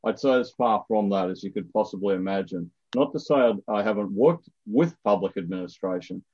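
A man with an Australian accent, a guest professor on a podcast, talking in a relaxed, joking way. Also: lowish voice, brisk, dry recording, dull audio. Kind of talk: casual podcast interview.

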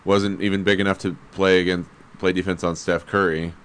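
His voice is low and resonant, with a level, clean, smooth tone, as he chats informally about sports. He gives his views in a measured fashion, hedging and using fillers as he circles back.

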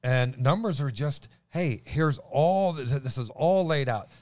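An excitable man teaching the Bible in a casual chat, his voice booming as he stumbles over restarts. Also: a little slow, no room sound.

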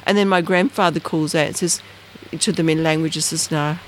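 A woman's voice: a little fast, a little hiss or hum. An Australian woman from Bathurst Island telling personal stories in an interview, rambling with fillers and acting out the voices of people she quotes. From Bathurst Island, northern Australia. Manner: animated, acts out quoted voices with big pitch jumps; rambling, many fillers and restarts. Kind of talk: casual storytelling.

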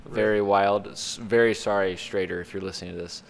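Low-voiced upbeat podcast host, man. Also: steady tone, brisk, gravelly. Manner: upbeat, loose and chatty. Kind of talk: casual sports podcast chat.

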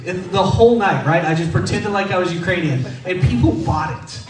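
Speaking quickly and barely pausing, this high-pitched preacher from Texas, a man in his thirties, tells conversational sermon stories with self-deprecating humor. It was recorded at a distance in a reverberant room.

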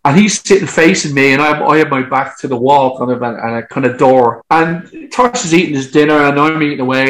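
A man's voice: mid-range voice, fairly bright tone, poor audio. An Irish man in his fifties, a musician guest telling an anecdotal story in casual interview talk, swearing freely. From Ireland.

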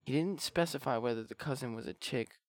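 A man's voice: mid-range voice, brisk, no room sound. A man co-hosting a podcast, bantering in a crude, joking way. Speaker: podcast co-host. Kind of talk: casual chat.

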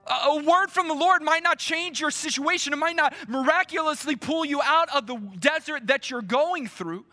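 A male pastor preaching a sermon to his church, slow and emphatic, with dramatic pauses. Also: very high voice, bright, forceful tone, soft background music.

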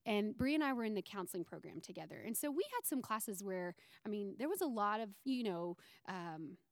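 A woman tells her story of faith as a podcast guest, animated and emotional, with plenty of "um"s and restarts. Her voice sits at a middling pitch, and the recording is dry and close. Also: a little fast, no room sound. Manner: emotional, near tears. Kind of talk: personal faith story in conversation.

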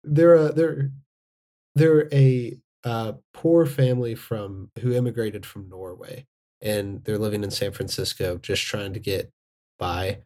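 A man co-hosting a film podcast, summarizing a plot in a measured, halting way with many pauses. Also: fairly low pitch, mellow. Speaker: podcast co-host. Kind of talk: casual film podcast chat.

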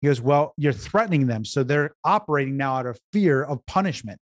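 Animated and fairly quick, this medium-pitched man tells stories with earnest energy as a guest on an interview podcast. He works as a business consultant and tends to repeat words and start over mid-thought. The audio is dry and of studio quality.

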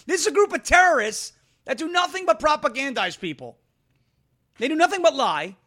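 A man's voice: extremely high pitch, big pitch swings, fairly quick, sharp tone. A man hosting an opinionated political commentary show, combative and sarcastic, repeating phrases for emphasis.

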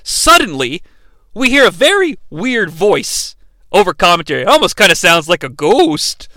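A man's voice: high voice, very animated, normal speed, pushed and bright, dry recording. A man hosting a casual, irreverent recap podcast, chatty and now and then profane. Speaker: podcast host.

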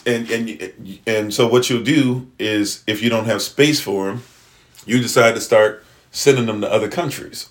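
A man's voice: lowish voice, fairly bright tone. Guy ranting on a livestream, keeps asking right?, stumbles and restarts, talks to chat. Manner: repetitive, rhetorical "right?" checks, stammering restarts; talks to live chat and a partner off-mic. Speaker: livestream host. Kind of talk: lecturing livestream talk.

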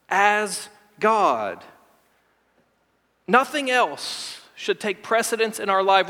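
A male pastor preaching a sermon emphatically, repeating words and slowing to stress key lines. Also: very high voice, pushed and bright. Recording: long hall reverb.

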